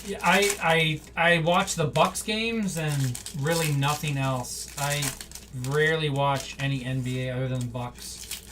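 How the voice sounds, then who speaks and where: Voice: medium pitch, a little slow. Card-break host, casual rambling live chatter, slightly distant mic, faint background hum. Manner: rambling, off-the-cuff, chatty asides. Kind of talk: casual live-stream chatter while opening packs.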